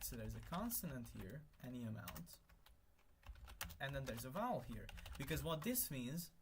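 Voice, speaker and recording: A young man talks slowly to himself as he works through a problem on stream, half-muttering and cursing under his breath when something fails. Faint keyboard clicks and typing sit low behind his voice. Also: a bit bright, a little hiss or hum. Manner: thinks aloud, mutters, swears, exasperated then laughing. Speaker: conlang streamer. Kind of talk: casual live-stream muttering while working.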